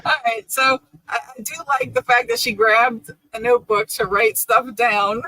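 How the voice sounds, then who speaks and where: A woman's voice: on the high side, steady tone, moderate pace, bright, forceful tone, poor audio. A woman co-host dropping wry asides and laughing on a comedy talk show.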